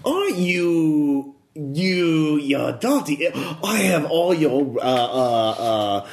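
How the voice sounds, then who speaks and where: A man's voice: on the high side, expressive, drawn-out words, exaggerated voice. A man voicing a flustered, starstruck workman who stammers and fumbles his words.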